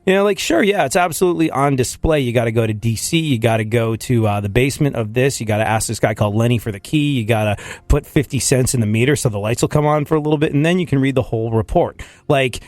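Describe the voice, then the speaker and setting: Male host, mid-pitched, rambling comedic riffs, dry studio sound. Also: fast talker, few pauses, no echo. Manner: rambling, animated, riffing with restarts. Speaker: podcast host. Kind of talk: casual comedic talk-show chat.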